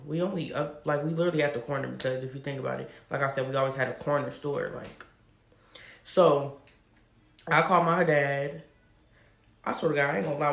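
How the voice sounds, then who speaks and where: A man telling a personal story to camera in a casual, animated, slangy way. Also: on the high side, creaky, roomy sound. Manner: animated, slangy, laughs often. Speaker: storytime vlogger.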